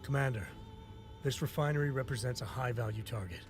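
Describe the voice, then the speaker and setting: An actor playing a calm male intelligence commander giving a formal briefing in a game. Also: medium pitch, natural voice. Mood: serious. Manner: measured, formal briefing delivery. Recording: game audio with faint music.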